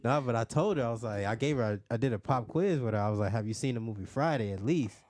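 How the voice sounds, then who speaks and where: A man's voice: mid-range voice, fast talker, darkish tone, dry recording, studio quality. A man co-hosting a podcast, explaining his view in a laid-back casual chat. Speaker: podcast co-host.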